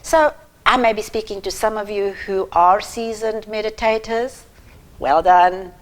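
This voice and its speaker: A woman speaking directly to parents, giving earnest, emphatic advice about children's anxiety. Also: medium pitch. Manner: earnest, emphatic, slow and deliberate. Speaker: parenting advisor. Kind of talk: direct-to-camera advice talk.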